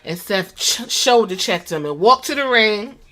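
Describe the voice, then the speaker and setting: A woman hosting a podcast, recapping a wrestling show in casual, profane, animated storytelling with quoted impressions. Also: medium pitch, measured pace. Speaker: podcast host.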